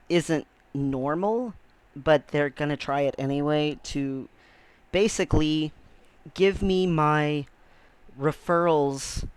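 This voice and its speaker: A man vlogging about his own life in a heartfelt, halting way, with lots of restarts and fillers. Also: on the high side, smooth, dry recording. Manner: earnest and heartfelt. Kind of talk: casual personal vlog storytelling.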